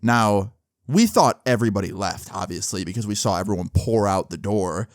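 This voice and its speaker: A man's voice: lowish voice, expressive, normal speed, dry recording, clean studio sound. A young man telling a personal story in a casual, chatty way, with lots of fillers and swearing.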